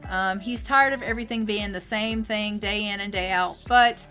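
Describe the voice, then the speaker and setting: A woman streamer giving casual let's-play commentary, chatty and full of fillers and quick asides. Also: medium pitch, pushed and bright, faint music behind. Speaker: game streamer.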